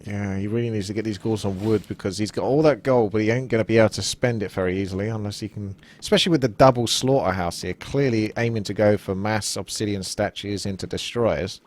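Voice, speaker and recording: A man's voice: fairly low pitch, fast talker, hardly any pauses, darkish tone. A man co-commentating a strategy game match in a casual, joking and teasing way. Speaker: esports co-commentator.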